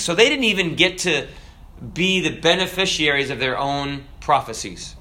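A man's voice: fairly high pitch, expressive, moderate pace, sharp tone. Man preaching in a conversational sermon. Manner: conversational preaching with rhetorical questions. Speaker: pastor.

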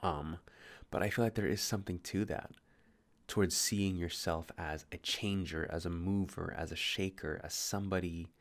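A man speaks in a very low, gravelly voice, tired and slightly slurring his words. He rambles through a late-night philosophical monologue, musing, pausing and correcting himself as he goes. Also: steady tone.

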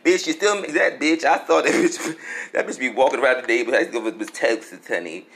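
A man's voice: medium pitch, fast, fairly bright tone, reverberant, rough recording. A man delivering a sassy, campy comic gossip monologue, laughing often and calling everyone honey and girl.

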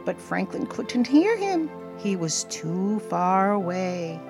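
An older woman gently reading a children's storybook aloud as the show's storyteller. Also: on the low side, vocal fry, over music. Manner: slow, expressive, gentle reading. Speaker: storyteller host.

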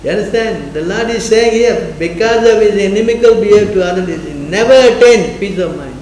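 This scripture class lecturer speaks fairly quickly in a high-pitched but darkish voice. Questioning throughout, he repeatedly prods the audience for answers, recorded in an echoey room with faint noise.

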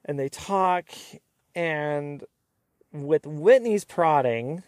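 A man hosting a casual, opinionated recap of a reality show, sometimes mimicking the cast in quick asides. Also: on the high side, a little mellow, dry recording. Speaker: recap host.

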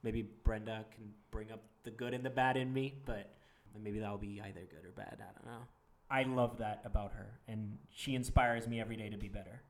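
A man's voice: on the low side, fairly even intonation, brisk, hardly any pauses. A young man talking in a casual couples chat, earnest and reflective, laughing often.

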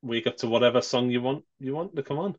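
A man co-hosting a casual film chat, halting and self-deprecating as he talks. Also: medium pitch. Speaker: podcast co-host. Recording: slightly dull lo-fi sound.

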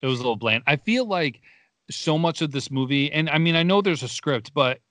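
Bright-voiced young man, chatty podcast co-host. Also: a little high, lively intonation, brisk, no room sound. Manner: chatty, laughs often while retelling scenes. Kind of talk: casual movie review chat.

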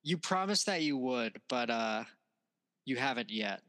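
A man's voice: medium pitch, lively intonation, unhurried, sharp tone. A man co-hosting a casual podcast, chiming in with short, teasing remarks. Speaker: podcast co-host. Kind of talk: casual chat.

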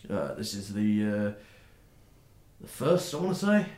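A man narrating a tabletop game as game master, in a halting way, with many fillers and restarts. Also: lowish voice, very animated, a little mellow. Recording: roomy echo.

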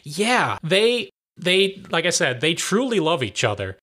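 A man on a podcast, chatting about a film in a relaxed, agreeable way, cursing casually and laughing easily. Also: sits high, a little slow. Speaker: podcast co-host. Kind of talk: casual movie-discussion chat.

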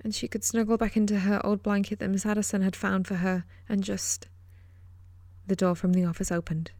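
Woman reading a horror audiobook, middle pitch, goes whispery when it gets tense, dry close mic. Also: little pitch movement, brisk, mellow, dry recording. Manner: dramatic, drops to whispers in tense moments. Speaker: audiobook narrator. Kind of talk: scripted narration of a horror novel.

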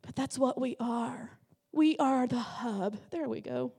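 A middle-aged woman delivers a Pentecostal sermon as a guest preacher. Her voice sits high, and she speaks with fervent, impassioned conviction that climbs into shouting. She is preaching in a church sanctuary. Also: a little slow, creaky, slightly rough.

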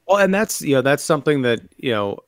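A man's voice: on the high side, very animated, fast talker, no echo, studio quality. A man co-hosting a film podcast, hesitant and searching for words, with sarcastic asides. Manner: hesitant, lots of fillers and restarts, sarcastic asides. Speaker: podcast co-host. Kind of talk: casual film discussion.

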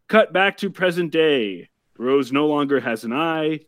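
A man hosting a casual podcast, recapping a TV episode in a wry, deadpan way. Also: on the high side, unhurried, few pauses, dry recording, clean studio sound. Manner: wry, deadpan summarizing with profanity.

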